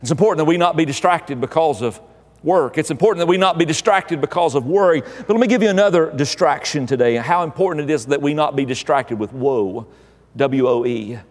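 High-voiced preacher in an echoing church. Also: male voice, fairly quick. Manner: emphatic preaching with repeated phrases. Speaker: pastor. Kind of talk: sermon.

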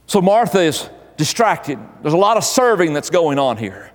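High-voiced preacher in an echoing church. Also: male voice, very animated, normal speed. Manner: emphatic preaching with repeated phrases. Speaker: pastor. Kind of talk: sermon.

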